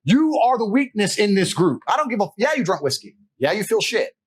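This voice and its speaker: A man's voice: high voice, big pitch swings, a little fast, husky, rough recording. A man being interviewed as a guest, telling stories in a blunt, emphatic way and swearing freely. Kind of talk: casual interview storytelling.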